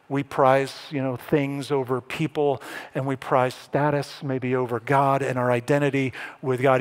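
A man preaching a sermon as pastor, animated and dramatic, acting out the lines he quotes. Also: normal speed. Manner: animated, acts out quoted lines with rising pitch and emphasis.

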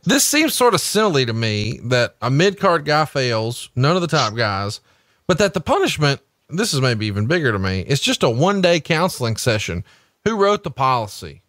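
A man's voice: mid-range voice, big pitch swings, fairly bright tone, no room sound, clean studio sound. A man co-hosting a podcast, doing a salesy ad read and then asking questions in a casual way. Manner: salesy and emphatic, spells out web addresses slowly. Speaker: podcast co-host.

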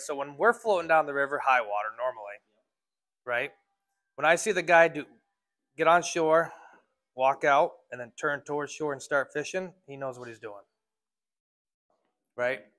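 A man's voice: fairly high pitch, normal speed, pauses often, a bit bright. A man working as a fishing guide, giving a casual talk to a club audience and speaking in a loose, filler-heavy way.

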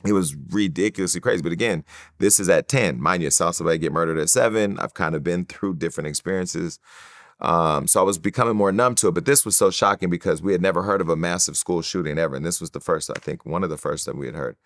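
A man from California sits as an interview guest and tells his life story in a very deep voice. He brings the story to life by acting out what others said. The sound is close and dry. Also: quick pace, no echo. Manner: animated storyteller who acts out quoted voices.

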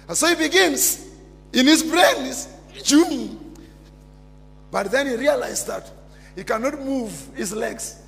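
A man preaching a sermon as pastor, emphatic and repetitive, bursting into shouts. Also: extremely high pitch, animated, unhurried, vocal fry. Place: church. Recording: long church reverb with music behind.

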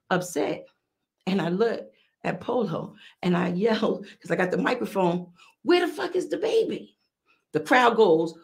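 A middle-aged woman with a New York accent, hosting a podcast and telling a story in a casual, animated, profane way. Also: fairly high pitch, vocal fry. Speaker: podcast host.

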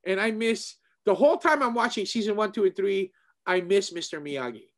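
A man, a martial arts instructor, chatting casually as co-host, animated and excitable, often repeating himself. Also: sits high, brisk. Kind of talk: casual chat.

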